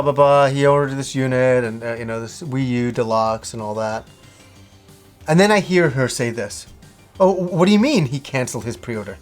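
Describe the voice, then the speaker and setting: A man vlogging about games, telling a frustrating story in a casual ranting way, acting out the dialogue and swearing as he goes. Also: mid-range voice. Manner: animated retelling with swearing and acted-out dialogue. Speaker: video game vlogger.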